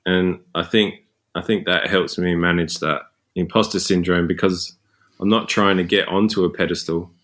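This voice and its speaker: Low-voiced male scientist guest, reflective, easygoing, chuckles. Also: steady tone, moderate pace, fairly bright tone. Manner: laid-back, reflective, chuckling. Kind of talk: casual interview conversation.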